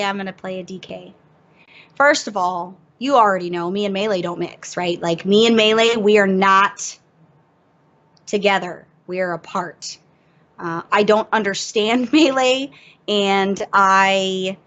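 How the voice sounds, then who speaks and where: A woman guest on a podcast telling a story in a casual, animated way, poking fun at herself and laughing as she goes. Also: medium pitch, unhurried. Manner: animated, self-mocking, laughs through the story. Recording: dull lo-fi audio.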